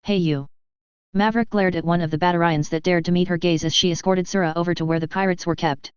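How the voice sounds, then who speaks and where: Very smooth story narrator. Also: mid-range voice, steady tone, quick pace, no echo, lo-fi sound.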